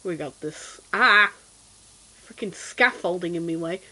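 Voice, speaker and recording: A young British woman chatting casually while streaming a game, self-deprecating and quick to giggle and exclaim. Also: lowish voice, bright, forceful tone, rough recording. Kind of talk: casual gameplay chat.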